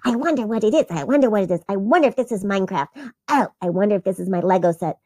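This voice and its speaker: A woman voicing an excitable, present-hungry little girl in a storybook, chattering giddily. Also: a little high, very fast. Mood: eager wondering. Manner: giddy, chattering.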